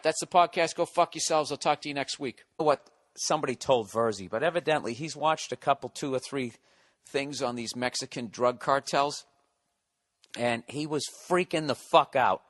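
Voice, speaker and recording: A man's voice: medium pitch, a bit bright, no room sound, clean studio sound. A man telling a comic story on his podcast, ranting and swearing as he mocks a nervous friend. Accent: Boston. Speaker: podcast host and comedian. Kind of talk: comedic storytelling monologue.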